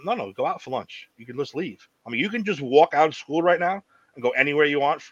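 A man's voice: fairly high pitch, expressive, fast, no echo, lo-fi sound. A man, co-hosting a podcast in blunt, casual chat with a lot of cursing. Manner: blunt, heavy cursing, storytelling. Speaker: podcast co-host.

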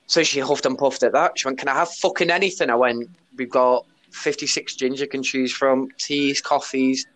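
A man's voice: medium pitch, flat delivery, moderate pace, fairly bright tone. A man tells a story on his podcast, blunt and casual. He swears freely and retells what people said. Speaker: podcast host; bar worker.

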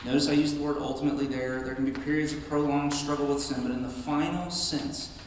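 A man's voice: mid-range voice, fairly even intonation, quick pace, a little hiss or hum. Man preaching in an echoey church. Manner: emphatic, conversational preaching with repeated restarts. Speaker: pastor. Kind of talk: sermon. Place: church sanctuary. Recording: echoey hall from a distant mic.

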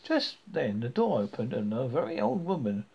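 Guy reading a fairy tale out loud, lots of stumbles, lively up-and-down voice, gravelly, muffled lo-fi audio. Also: mid-range voice. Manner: halting, with frequent stumbles and restarts. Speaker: storybook reader. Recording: dull lo-fi recording.

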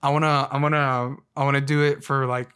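A man ranting in a casual, comedic way, rambling and excitable with frequent stumbles and restarts. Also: medium pitch, brisk, clean tone.

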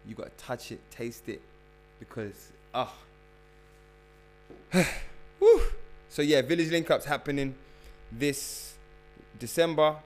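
A man's voice: medium pitch, slow, long pauses. A man working as a spiritual health coach, talking casually and preachily to his followers, calling them "family" and hammering his points with repetition. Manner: preachy, calls listeners "family"; emphatic, repeats phrases for effect. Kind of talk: casual livestream talk to followers.

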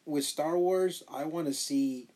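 Husky-voiced eager guest. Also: medium pitch, darkish tone. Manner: eager, quick to agree. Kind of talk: casual chat.

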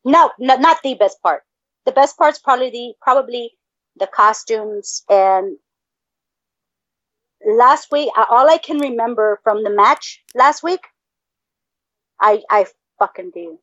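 Foul-mouthed, excitable woman on a lo-fi stream. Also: a little high, a little slow, long pauses, no room sound. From El Paso, Texas. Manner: profane, excitable, mock-outraged outbursts. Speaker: podcast co-host. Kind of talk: casual chat.

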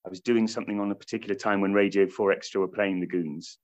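A man's voice: deep voice, steady tone, fast, muffled recording. A British man, a stage actor, chatting casually in an interview, rambling with many restarts and frequent laughter. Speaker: stage actor playing a comedian.

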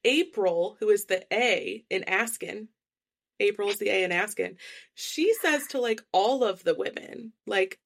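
A woman's voice: medium pitch, normal speed. A woman co-hosting a podcast, chatting casually and gossipy, with lots of filler words. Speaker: podcast co-host. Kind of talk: casual recap chat.

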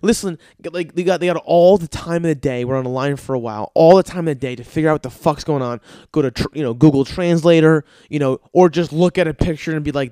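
A man's voice: a little high, quick pace, hardly any pauses, dark tone, no room sound, studio quality. A man from the United States telling a comedic story as a rant, exasperated, sarcastic and swearing constantly.

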